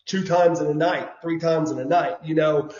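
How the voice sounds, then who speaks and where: A man, telling stories casually as an interview guest, animated and prone to repeating words. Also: a little high, moderate pace. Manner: animated storyteller, says "brother", repeats words. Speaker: guest, former wrestler. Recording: dull lo-fi audio in an echoey room.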